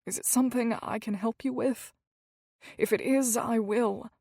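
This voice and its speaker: A woman voicing a gentle, shy young male doctor in an audiobook, soft-spoken, hesitant and tender. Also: on the high side, steady tone, measured pace, gravelly, no room sound, studio quality.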